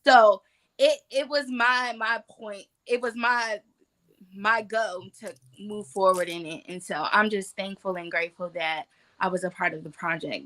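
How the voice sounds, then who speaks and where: Woman, guest author, lowish voice, bright and forceful tone, earnest. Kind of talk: casual interview talk.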